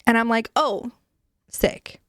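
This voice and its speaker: A woman's voice: fairly high pitch, takes it slowly, no room sound, studio quality. A woman streamer chatting casually with her viewers, giggly and playful, with casual swearing.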